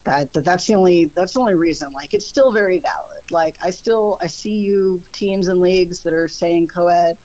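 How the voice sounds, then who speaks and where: A mid-pitched voice walking through ideas in a loose, conversational way, stopping and restarting as the thoughts come. The sound is a bit dull and lo-fi, like a modest home recording. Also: moderate pace, hardly any pauses, warm tone, no room sound. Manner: explains at length, thinking aloud with fillers. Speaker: podcast guest. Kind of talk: casual podcast chat.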